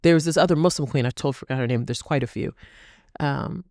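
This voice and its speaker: A woman's voice: very deep voice, fast, mellow, no echo, studio quality. A woman hosting a solo podcast, talking animatedly, asking rhetorical questions and repeating phrases for emphasis. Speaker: podcast host.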